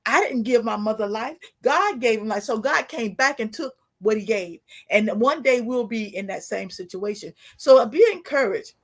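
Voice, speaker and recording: Woman co-host, preacher's cadence, scripture-heavy, slightly high voice. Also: animated, moderate pace, hardly any pauses. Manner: sermon-like, quotes scripture, many restarts and fillers. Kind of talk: preaching talk-show commentary.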